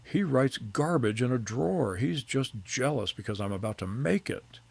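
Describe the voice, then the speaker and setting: Arrogant young son, scornful and insistent, read by a man with a gravelly voice. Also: mid-range voice, expressive, moderate pace, no room sound, pitched above the performer's own voice. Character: arrogant young adult son, desperate, pleading.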